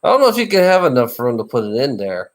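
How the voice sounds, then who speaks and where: A man of middle pitch, talking in a loose, casual chat. He rambles and teases, circling back over his words with frequent restarts. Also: wildly swooping pitch, fast talker. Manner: rambling and teasing, with many repeated restarts.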